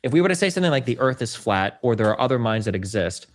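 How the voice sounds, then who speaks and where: A man's voice: medium pitch, sing-song, quick pace. A man in a philosophical discussion, speaking casually and filling his speech with "like.". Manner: casual, lots of "like" fillers. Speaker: debater in reviewed clip.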